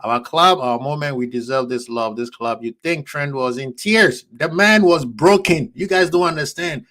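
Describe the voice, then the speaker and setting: A man's voice: fairly high pitch, normal speed, a bit bright. A man hosting a fan reaction stream, passionate and preachy, ranting at rival fans. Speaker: fan channel host.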